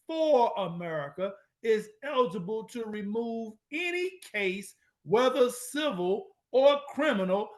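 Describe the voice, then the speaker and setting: A man giving an emphatic lecture, repeating phrases for emphasis, with a casual, slangy, drawn-out delivery. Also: sits high. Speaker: speaker presenting to an online audience. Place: at a computer, sharing his screen.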